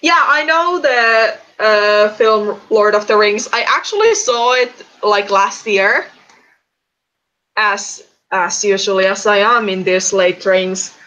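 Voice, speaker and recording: A woman's voice: mid-range voice, slow, pushed and bright, rough recording. A woman streaming live, chatting casually, greeting viewers and answering their comments. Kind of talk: casual livestream chat.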